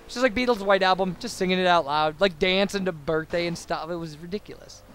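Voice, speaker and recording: High-voiced rambling young guy. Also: fast talker, fairly bright tone, a little hiss or hum. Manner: rambling and babbling, lots of fillers and tangents. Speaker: let's play commentator. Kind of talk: casual post-commentary chat over gameplay.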